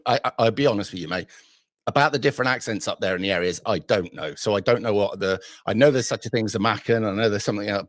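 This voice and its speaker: A man's voice: lowish voice, a bit bright, dry recording, clean studio sound. A man from southwest England, hosting a livestream with sweary, mocking banter. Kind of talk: casual online banter.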